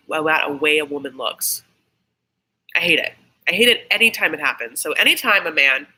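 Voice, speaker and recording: A woman's voice: on the low side, pushed and bright, breathy edge, low-quality recording. A woman hosting a casual live reaction chat, chatty and rambling, who swears freely. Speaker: YouTube host doing a live episode reaction.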